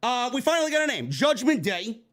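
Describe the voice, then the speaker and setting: A man from New York hosting a wrestling review livestream, swearing constantly and breaking into excitable shouting. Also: very high voice, brisk. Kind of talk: casual profane live commentary.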